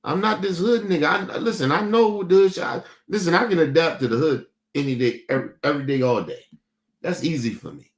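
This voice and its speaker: A young man holds forth on his stream in a heated, profane rant. He circles back and repeats his points, and his voice sits a little higher than most men's. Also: expressive, fast talker. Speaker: streaming show host. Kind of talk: casual rant to a stream audience.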